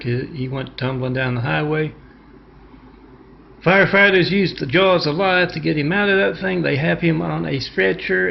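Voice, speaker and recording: A man's voice: a little high, creaky, muffled recording. A man telling rambling, digressive stories and parables, recorded on a phone. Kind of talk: rambling spoken storytelling.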